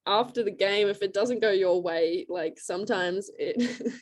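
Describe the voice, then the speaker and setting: A woman's voice: medium pitch, unhurried. A young woman with an Australian accent talks over a video call. Her speech is chatty and loose, with lots of "like" fillers and frequent laughs. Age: young adult. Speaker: interview guest, college lacrosse player. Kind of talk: casual video call interview.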